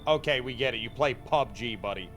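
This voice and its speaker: Bright-voiced male game streamer. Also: mid-range voice, fairly quick, faint music behind. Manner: chatty, reacts and thinks aloud. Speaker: VTuber streamer. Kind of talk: casual gameplay commentary.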